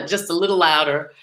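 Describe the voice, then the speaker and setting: A woman's voice: deep voice, bright, forceful tone, slight background noise, low-quality recording. A woman hosting a live music podcast, talking casually with frequent laughs and fillers. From New York / New Jersey area. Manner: chatty, laughs often, many fillers. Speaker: podcast host. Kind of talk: casual livestream talk.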